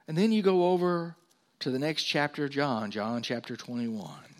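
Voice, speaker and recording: A man preaching a sermon as pastor, lifting his voice when he reads scripture and dropping low and quiet for asides. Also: moderate pace.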